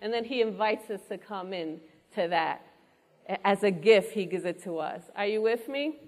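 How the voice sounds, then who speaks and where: A woman's voice: mid-range voice, normal speed, darkish tone. A woman preaching a sermon to a congregation, earnest and engaging, often asking the room questions. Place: church hall before a congregation. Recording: long hall reverb.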